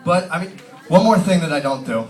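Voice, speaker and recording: A man tells stand-up stories in a loose, rambling way, full of "you know" and "like", his voice sitting a little high. The sound comes from a far-off camera and echoes around the pub. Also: expressive, fairly quick. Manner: rambling, filler-heavy, casual storytelling. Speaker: stand-up comedian. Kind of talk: stand-up comedy set. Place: pub stage. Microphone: distant camera. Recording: roomy pub sound from a distant mic.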